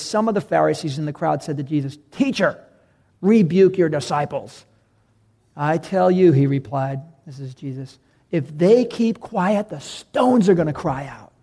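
Guy pastor with a high voice preaching, chatty, talks right to the crowd and acts out voices. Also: mellow. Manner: conversational, acts out crowd voices, addresses congregation directly. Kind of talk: sermon.

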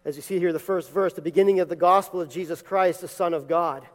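Man preaching in a church, kinda high voice, emphatic, lots of repeats, long echo. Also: steady tone, fast talker. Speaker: pastor. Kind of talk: sermon. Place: church sanctuary.

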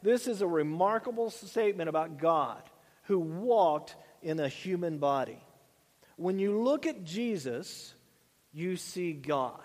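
A man's voice: high-pitched, lively intonation, slow pace, darkish tone, in a large hall. A middle-aged man preaching a sermon in a loose, conversational way, often repeating words and using fillers. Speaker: pastor.

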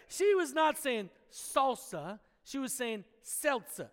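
Pastor guy from pennsylvania, super high voice, storytelling sermon, big echoey church. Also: slow pace, hardly any pauses. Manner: storytelling, lively, asks the congregation for agreement. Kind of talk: sermon with opening prayer and story. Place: church sanctuary.

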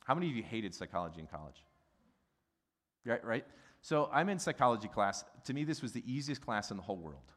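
Midwestern pastor, low voice, reverberant hall. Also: male voice, a little fast. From American Midwest. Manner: conversational, animated, asks the congregation questions. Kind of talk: sermon.

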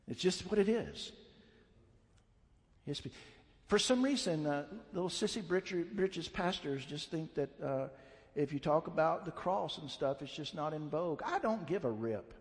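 High-voiced preacher in a reverberant hall. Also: male voice, normal speed, a little mellow. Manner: blunt, emphatic preaching with rising fervor. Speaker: pastor. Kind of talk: sermon. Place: church sanctuary.

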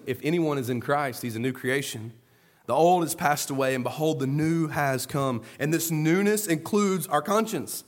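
A man preaching an earnest sermon, moving between soft, low asides and loud, emphatic stresses. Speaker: pastor.

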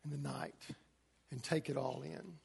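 A man's voice: mid-range voice, fairly even intonation, unhurried, vocal fry, darkish tone, husky, long reverb tail. A man preaching a sermon to a congregation, emphatic, his delivery rising and falling. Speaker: pastor.

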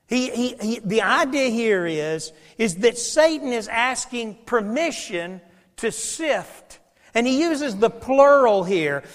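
A man preaching a sermon, telling stories animatedly and swinging from loud passages to hushed ones. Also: sits high. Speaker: pastor. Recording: long hall reverb.

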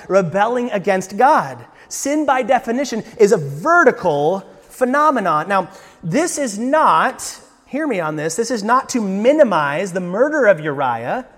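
A man's voice: on the high side, a bit bright. Earnest male preacher, echoing hall. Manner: earnest, rising to emphatic bursts, rhetorical questions to the congregation. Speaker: pastor. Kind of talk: sermon. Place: church sanctuary. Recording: long church-hall reverb.

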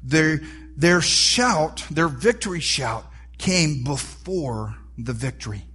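A man preaching a sermon, animated and rising to near-shouts for emphasis. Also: on the high side, slow, slightly rough. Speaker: pastor.

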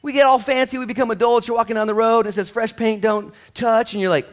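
A middle-aged man preaching a sermon in a church, animated, acting out dialogue and swinging between loud bursts and hushed asides. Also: very high voice, rapid-fire. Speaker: pastor.

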